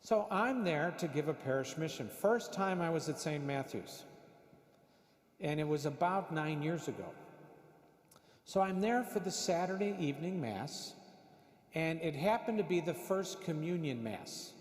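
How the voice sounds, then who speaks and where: Priest telling a story from the pulpit, fairly high voice, lots of church echo. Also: male voice, a little slow. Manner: animated, acts out dialogue in voices. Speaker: priest, parish mission preacher. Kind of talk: storytelling sermon. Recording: echoey church hall.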